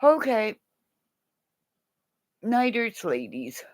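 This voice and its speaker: A middle-aged woman chatting on a livestream. She talks slowly, and her pitch swings widely as she laughs and jokes with viewers. Her manner is playful and warm toward her audience. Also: big pitch swings. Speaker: livestream host. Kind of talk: casual livestream chat.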